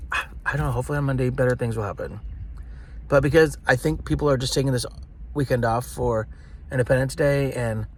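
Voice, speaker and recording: A man's voice: mid-range voice, a little hiss or hum. A man talking candidly in a personal vlog, sounding frustrated and blunt, with frequent swearing. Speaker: vlogger. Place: partly outdoors in summer heat.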